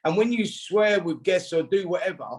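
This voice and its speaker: A man's voice: high voice, normal speed, breathy edge. A man talking casually as a guest on a boxing podcast, telling stories animatedly and acting out other people's lines. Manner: animated storyteller who acts out quoted dialogue. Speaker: podcast guest, former boxer and pundit.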